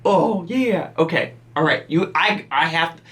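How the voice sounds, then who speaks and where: Incredulous man reacting with bright, lively voice. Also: a little high, a little slow. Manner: incredulous, teasing, laughing. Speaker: reaction channel host. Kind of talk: comedic reaction commentary.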